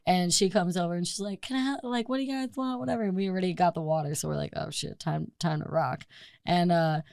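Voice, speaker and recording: A woman's voice: on the low side, fast, vocal fry, no room sound. Woman, podcast host, casual chat, swears a lot, acts out stories, dry close mic. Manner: swears freely, acts out quoted people in animated story-telling.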